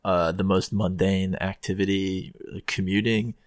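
A man's voice: sits low, level tone, measured pace, no room sound, studio quality. A man hosting a casual podcast chat, thinking aloud in a rambling, hesitant way with many ums and restarts.

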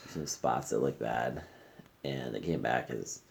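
A man with an extremely deep voice and heavy vocal fry talks candidly about his own story on a podcast. He swears freely and lets sentences trail off into fillers. He is recorded in a friend's living room. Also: unhurried. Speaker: podcast host. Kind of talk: casual conversation.

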